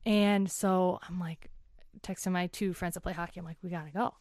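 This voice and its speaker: A woman's voice: lowish voice, steady tone, moderate pace, darkish tone, dry recording, studio quality. A woman in her twenties, an interview guest, animatedly telling a chatty story and acting out what people said.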